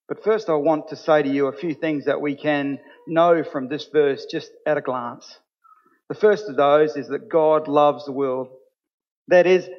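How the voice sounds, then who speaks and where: A man preaching a sermon as pastor, earnest and building to emphatic points. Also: on the high side. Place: church. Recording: dull sound with long hall reverb.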